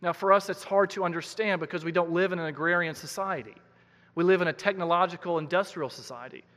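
Pastor, male, high bright voice, emphatic sermon delivery, church hall reverb. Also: fast talker. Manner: earnest, emphatic preaching with repeated words.

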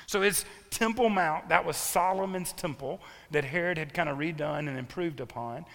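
Male pastor, animated sermon delivery, gravelly and bright tone, echoing hall. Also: a little high. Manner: animated storytelling preacher. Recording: long reverb of a large hall.

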